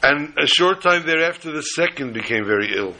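A man who teaches religion, telling a story in a sermon in an animated way. He scatters Hebrew and Yiddish terms through it. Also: fairly high pitch, brisk, rough recording.

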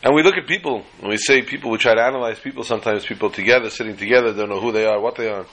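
A rabbi teaching his weekly Torah class tells stories in a chatty, casual way, cracking jokes and acting them out. His voice is lowish and fairly bright, he talks very fast, and the audio quality is poor.

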